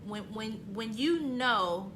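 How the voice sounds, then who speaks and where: A woman's voice: a little high, expressive, slow, background noise. A woman author and motivational speaker giving an inspirational self-help talk, emphatic and repetitive, with casual conversational phrasing that swells into passionate peaks.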